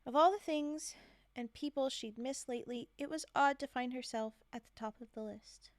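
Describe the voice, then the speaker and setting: A woman reads holiday stories aloud on a live stream, her voice high and bright. She laughs often and breaks off to chat with viewers between passages. The sound is close and dry, with no room around it. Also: normal speed, no room sound. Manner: giggly, chatty, breaks off to react to viewers. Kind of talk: casual read-aloud with chat asides.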